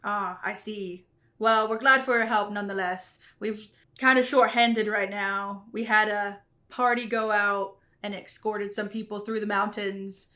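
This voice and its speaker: A woman voicing a stoic, gruff male dwarf king who speaks with measured courtesy. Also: medium pitch, fairly even intonation, sharp tone. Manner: courteous, measured royal speech.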